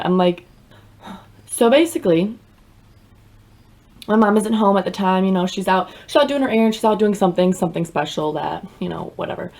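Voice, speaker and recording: A woman's voice: medium pitch, fairly quick, a little mellow. A young woman vlogger telling a dramatic personal story in a chatty way, full of fillers. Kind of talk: storytime vlog.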